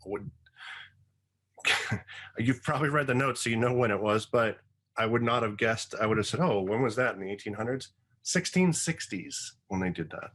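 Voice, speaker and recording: A man's voice: fairly low pitch, fairly bright tone, poor audio. A man co-hosting a casual educational wine show, talking in a modest, self-deprecating way.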